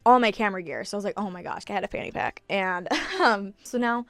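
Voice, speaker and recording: A woman's voice: mid-range voice, fast, dry recording. A woman in her early twenties telling her travel story in a chatty, confessional way, full of "like" fillers and casual swearing, sometimes close to tears. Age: early 20s. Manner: emotional, close to tears at times. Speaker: travel vlogger.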